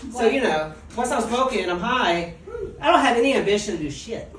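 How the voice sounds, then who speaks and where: A woman's voice: on the high side, lively intonation, fairly quick, a bit bright, far from the mic, slight background noise. Self-mocking woman doing stand-up in an echoey club. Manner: casual, self-mocking, laughs at own jokes. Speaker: stand-up comedian. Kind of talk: stand-up comedy set. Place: comedy club stage. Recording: echoey club recorded from afar.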